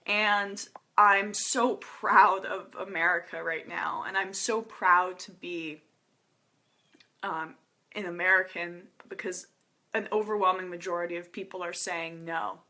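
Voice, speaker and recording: A woman's voice: on the low side, fairly even intonation, unhurried, pushed and bright. A young woman hosting a casual political live stream, talking earnestly and emotionally with many fillers and nervous laughs. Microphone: webcam or phone.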